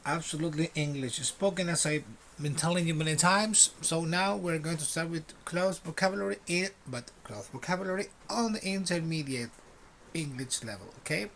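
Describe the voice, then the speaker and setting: Man teaching a slow English class. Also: on the high side, creaky, fairly bright tone, slight background noise. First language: Spanish. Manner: slow, repeats words for learners to copy. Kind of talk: recorded online class.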